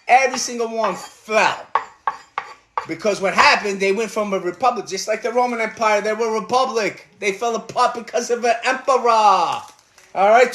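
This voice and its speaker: A man's voice: very high-pitched, a bit bright, echoey room, a little hiss or hum. A middle-aged man with a New York accent, ranting bluntly and rambling with profanity while cooking in his kitchen. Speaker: livestream host. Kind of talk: casual rant while cooking. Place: home kitchen.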